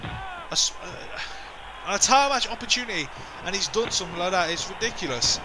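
A man doing excitable, indignant play-by-play commentary for a video game wrestling show, often repeating himself. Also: high-pitched, moderate pace, noisy background.

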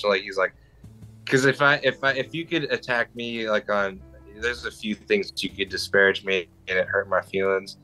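A man's voice: on the low side, steady tone, normal speed, bright, forceful tone, faint music behind, low-quality recording. A man as a guest on a livestream, chatting in a laid-back, self-deprecating way. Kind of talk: casual chat.

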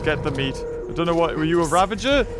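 A man hosting a let's play, chatting excitably and talking to the creatures on screen. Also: a little high, fast, heavy background noise. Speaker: gaming channel host.

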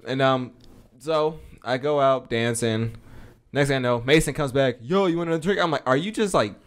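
Young man telling a lively story. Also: medium pitch, moderate pace. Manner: animated, acts out quoted lines, laughs often. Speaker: podcast co-host. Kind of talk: casual storytelling chat.

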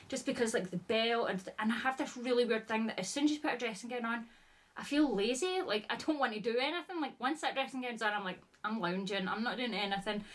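A woman, chatting casually as a vlogger and gushing with lots of fillers. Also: mid-range voice. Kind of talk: casual chat.

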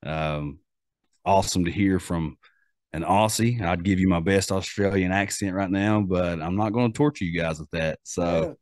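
A man's voice: sits low, normal speed, darkish tone, no echo, clean studio sound. A man with an Appalachian accent hosting a podcast in casual, rambling chat full of fillers and restarts. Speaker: podcast host.

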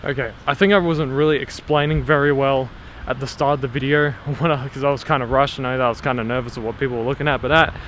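Speaking quickly with few pauses, a young man with a mid-range, steady and slightly bright voice vlogs his way through city streets, a station and a park. It's a casual handheld travel vlog shot on a camera on a small tripod, full of swearing and laughter, with clear street noise behind.

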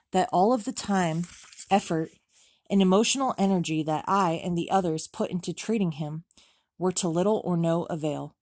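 A woman reading a memoir aloud as an audiobook, in a measured, steady way with even pauses. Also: on the low side, no room sound, studio quality. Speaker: audiobook reader.

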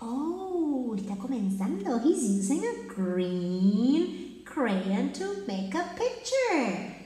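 A young woman leads a children's storytime in a high, lively voice, drawing out every word and turning phrases into little tunes to coax the kids along. The sound bounces around an echoey room with a long, ringing reverb. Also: slow pace. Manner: sing-song, exaggerated, coaxing children to join in. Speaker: children's English teacher. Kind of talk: bilingual storytime read-aloud for kids.

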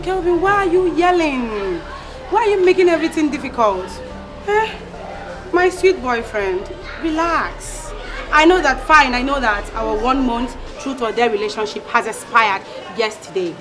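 A scheming young schoolgirl with a Nigerian accent, sassy and mocking. Her voice sits high and swoops as she needles. Film music and crowd chatter run beneath her. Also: lively intonation, a little slow. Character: scheming young female student, sassy and manipulative.

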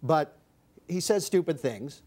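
A man's voice: fairly high pitch, expressive, slow pace, a little mellow. A man hosting a comedy panel show, speaking with a dry, wry delivery. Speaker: host.

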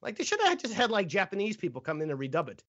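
A man's voice: sits high, wildly swooping pitch, very fast, fairly bright tone, dry recording, highs cut off. A man hosting a casual comedic movie review podcast, reading scripted jokes with stumbles and laughs. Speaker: podcast host.

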